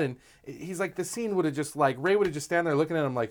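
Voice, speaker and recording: A man's voice: a little high, fast talker, few pauses. Rambling man in casual chat. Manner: rambling, many fillers, quotes others. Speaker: podcast co-host.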